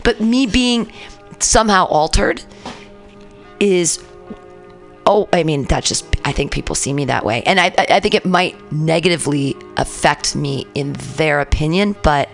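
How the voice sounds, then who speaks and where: A woman comedian in casual podcast chat, chatty and self-deprecating, quick with jokes. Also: deep voice, animated, soft background music.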